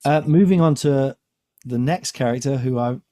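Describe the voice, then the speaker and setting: A man's voice: medium pitch, normal speed, mellow. A man co-hosting a podcast, chatting casually and laughing often as he talks. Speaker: podcast co-host. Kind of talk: casual comedic chat.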